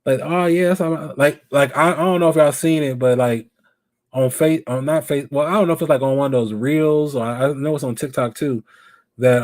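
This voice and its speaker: A man's voice: medium pitch, a little mellow, no echo, clean studio sound. A man hosting a live stream show, chatting casually and animatedly and asking his viewers questions.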